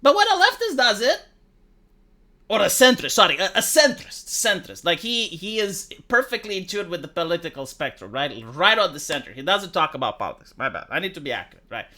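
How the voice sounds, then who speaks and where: A man's voice: high voice, big pitch swings, fast talker, few pauses, pushed and bright. A man delivering a sarcastic, crude opinion rant as a commentary vlogger. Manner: sarcastic, ranting, crude language.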